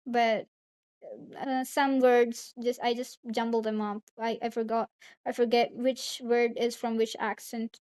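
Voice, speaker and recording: A woman's voice: fairly high pitch, a little mellow, smooth. A young woman from India, streaming and chatting casually, rambling as she answers chat messages aloud.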